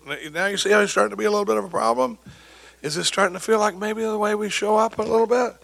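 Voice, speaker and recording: A man's voice: high voice, quick pace, vocal fry, a bit bright. An older man giving a folksy, joking talk at a recovery meeting, acting out the voices of people he quotes. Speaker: recovery speaker.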